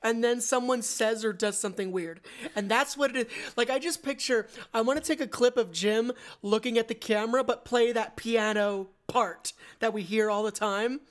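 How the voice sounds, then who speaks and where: A woman co-hosting a casual film podcast, with a voice pitched a little higher than most. She explains her points loosely, with plenty of filler words. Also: moderate pace, hardly any pauses. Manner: chatty, builds explanations with many filler words. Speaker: podcast co-host. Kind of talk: casual film discussion chat.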